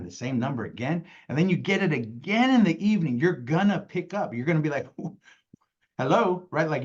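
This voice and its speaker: A man with young kids, giving an energetic, casual sales training talk, acting out phone calls and often asking "right?". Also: fairly high pitch, muffled recording. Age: adult with young kids. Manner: energetic, acts out calls in quoted voices, keeps asking "right?".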